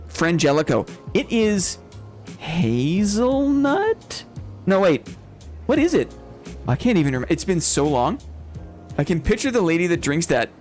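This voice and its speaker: A young man chatting casually and rambling to his viewers while he plays a game. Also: sits high. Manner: chatty, rambling, addresses chat as brother. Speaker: streamer. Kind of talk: casual gameplay chat to viewers.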